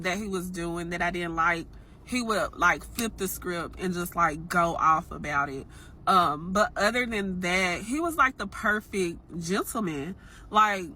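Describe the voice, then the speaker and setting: A woman's voice: medium pitch, bright, forceful tone. A young woman telling a personal dating story to her viewers in a casual, frank, chatty way. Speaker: storytime vlogger.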